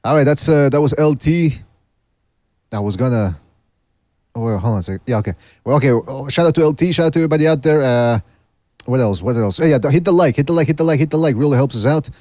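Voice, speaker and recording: A man's voice: medium pitch, fast, darkish tone, dry recording. A man hosting a call-in podcast in a casual, rambling way with many restarts, speaking English with an accent, his first language being Spanish. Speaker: podcast host. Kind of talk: casual call-in show chat.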